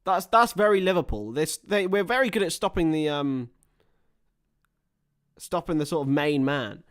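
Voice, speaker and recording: Lively man commentating football. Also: a little high, normal speed, clear, resonant tone. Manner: chatty, reacts to viewer chat between play-by-play. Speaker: livestream host commentating a football match. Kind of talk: casual live watchalong commentary.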